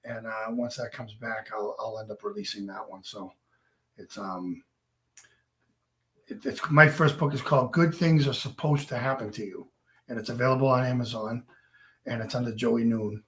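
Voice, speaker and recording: A man's voice: mid-range voice, moderate pace, fairly bright tone. A man, a podcast guest and impressionist, chatting casually and animatedly about his past shows and work.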